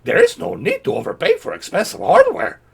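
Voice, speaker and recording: A man voicing a tiny ancient male alien sage in a very high, squeaky falsetto, mockingly reading ad copy. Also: huge pitch swings, a little fast, creaky, full character voice.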